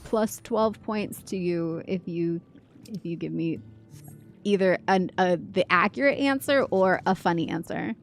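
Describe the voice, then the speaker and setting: A giggly woman streamer talking casually into a desk mic while she plays. She speaks slowly and lazily, with a gravelly, fry-heavy voice, and faint music plays behind her. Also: lowish voice. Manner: giggly, chatty, reacting to chat. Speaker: game streamer. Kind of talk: casual livestream chat.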